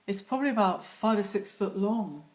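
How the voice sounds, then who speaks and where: A woman's voice: medium pitch, expressive, normal speed, darkish tone. A woman chatting casually and telling stories while she paints in her studio, laughing often. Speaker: watercolour artist and host.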